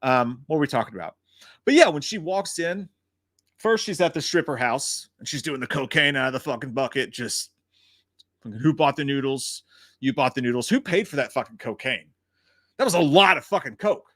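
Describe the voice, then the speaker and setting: A man's voice: fairly high pitch, a little fast, dry recording, clean studio sound. A man hosting a casual livestream, talking in a loose, profane way and answering chat comments. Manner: profane, animated storytelling. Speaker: host.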